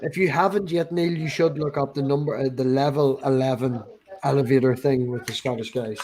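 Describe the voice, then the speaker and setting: A man's voice: medium pitch, fairly even intonation, brisk, darkish tone. A man from the UK telling jokey stories on a casual video call. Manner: jokey storyteller. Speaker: guest. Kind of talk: casual livestream chat.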